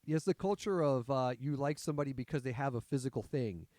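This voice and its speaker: A man's voice: medium pitch, fast talker, a little mellow, no echo, studio quality. Blunt, profane man in casual chat. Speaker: podcast co-host.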